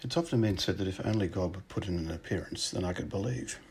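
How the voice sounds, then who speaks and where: A man with an Australian accent preaching a sermon in a measured, reflective way, asking rhetorical questions. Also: sits low, darkish tone, a little hiss or hum.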